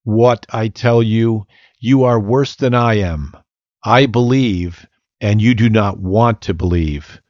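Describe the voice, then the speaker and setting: A man's voice: on the low side, takes it slowly, a little mellow, dry recording. A man voicing a mocking, scornful male devil in a storybook reading, on a slightly muffled, dry recording. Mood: sneering. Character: mocking sneering male devil possessing a girl.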